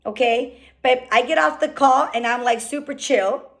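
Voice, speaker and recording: Woman, high voice, motivational team call, fast and fired up, keeps asking okay?. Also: fairly bright tone. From California. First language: Spanish. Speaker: team leader speaking on a group call. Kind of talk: motivational business talk. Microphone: call microphone.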